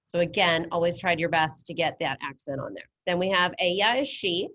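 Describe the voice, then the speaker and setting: A woman's voice: on the low side, a little fast, fairly bright tone. A woman teaching a Spanish class over a video call, patient and encouraging as she explains step by step. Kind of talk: online class lesson. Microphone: computer mic on video call.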